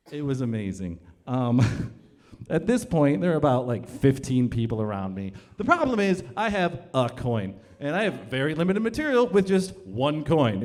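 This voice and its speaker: Animated comic storyteller, a man. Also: fairly high pitch. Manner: animated, comic, acts out dialogue. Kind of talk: live stage storytelling. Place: cultural center stage, in front of an audience.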